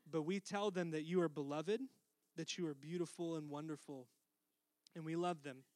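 A middle-aged man preaching a sermon as pastor, earnest, dropping to a soft hush for tender lines. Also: fairly high pitch, fairly even intonation, normal speed, no room sound.

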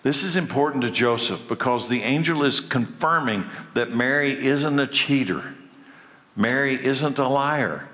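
A man preaching a sermon, emphatic, pausing for effect and asking rhetorical questions. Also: mid-range voice, fairly bright tone. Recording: echoey hall, long reverb.

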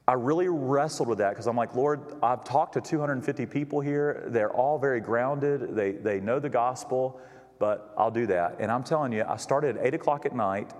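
A man's voice: medium pitch, a little mellow. A male pastor preaching a sermon, telling a story and acting out the people he quotes. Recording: long reverb in a large hall.

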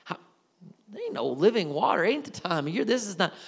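A man's voice: high-pitched, very animated, a little fast, gravelly, slightly rough, long reverb tail, voice pushed up, exaggerated voice. A man voicing a skeptical Samaritan woman in a folksy, incredulous paraphrase, in a sermon.

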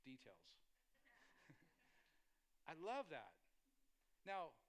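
A male pastor preaching a sermon in a conversational, emphatic way, with lively asides to the congregation. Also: fairly high pitch, drawn-out words.

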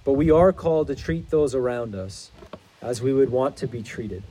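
A man's voice: mid-range voice, animated, normal speed, dark tone, slight background noise, poor audio. A man preaching a sermon as pastor, in an earnest, explanatory manner.

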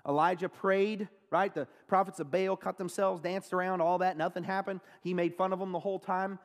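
A male pastor giving a sermon, earnest, slowing down and pausing to stress key phrases. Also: sits high, flat delivery. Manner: earnest preaching, pauses and slows down on key phrases. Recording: long reverb of a large hall.

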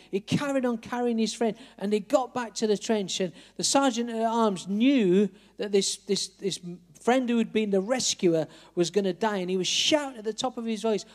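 A man's voice: high-pitched, moderate pace, hardly any pauses. A man preaching an evangelistic sermon, earnestly appealing straight to his listeners.

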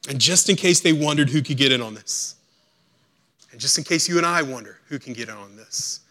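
A man preaching a sermon as pastor, acting out quotes and swinging between hushed, slow lines and loud, urgent ones. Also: medium pitch.

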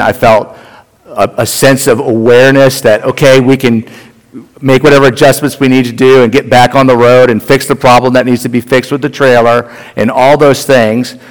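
A man's voice: medium pitch, big-room sound, poor audio. A middle-aged man preaching a sermon. He tells a personal story in a conversational way and speaks directly to the congregation. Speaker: pastor.

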